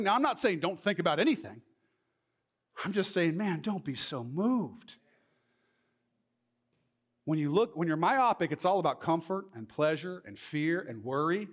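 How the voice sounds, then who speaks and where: A middle-aged pastor preaching in a loose, conversational way. His voice sits high for a man and swings widely, jumping between bursts of energy and low asides. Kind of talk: sermon.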